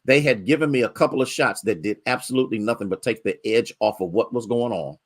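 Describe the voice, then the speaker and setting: A man preaching a sermon as pastor, moving from rising, drawn-out exhortations to low, quick storytelling and greeting members of the congregation by name. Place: church sanctuary.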